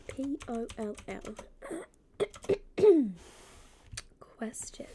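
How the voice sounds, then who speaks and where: A woman streamer chatting casually with her viewers, greeting them by name and often dropping into a soft half-whisper. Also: mid-range voice, fairly even intonation, a little slow, background noise. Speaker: live streamer. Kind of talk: casual live-stream chat.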